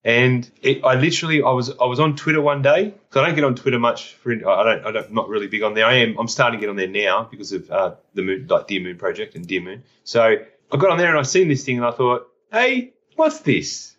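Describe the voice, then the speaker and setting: Australian podcast host, lively storyteller who laughs a lot, dull lo-fi recording, medium pitch. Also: male voice, fast talker, hardly any pauses. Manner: animated storyteller, laughs often. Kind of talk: casual chat. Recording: dull lo-fi sound.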